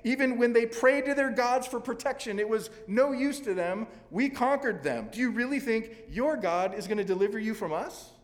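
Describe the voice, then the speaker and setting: A preacher acting out a boastful, menacing male army commander who shouts threats at a besieged city. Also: very high-pitched, lively intonation, normal speed, few pauses, long reverb tail, pitched above the performer's own voice. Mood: taunting. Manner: loud, taunting shouts.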